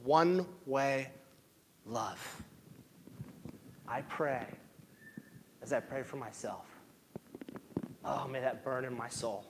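A man's voice: medium pitch, fairly even intonation, slow, vocal fry, long pauses, background noise. A man preaching a sermon with impassioned delivery, building to emotional peaks and near tears. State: tearful. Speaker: pastor.

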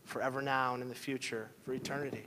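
A man's voice: medium pitch, fairly even intonation, quick pace, sharp tone, slight background noise. A man preaching a sermon with impassioned delivery, building to emotional peaks and near tears. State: tearful. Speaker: pastor.

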